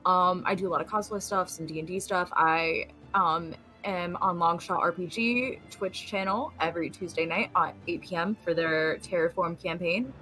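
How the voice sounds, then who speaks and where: A woman who does cosplay speaks casually and sounds a little flustered as she talks. Her voice is bright and clear, with faint music in the background. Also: fairly low pitch, moderate pace, few pauses, low-quality recording. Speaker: cosplayer and player. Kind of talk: casual chat.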